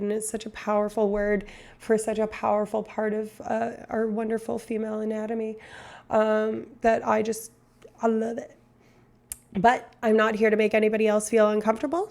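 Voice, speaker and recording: A woman's voice: on the high side, creaky, a little mellow. A woman in her twenties chatting casually on a livestream in a put-on Australian accent that slips at times. She is self-mocking, laughs often and swears freely. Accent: put-on Australian, slipping at times. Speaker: streamer.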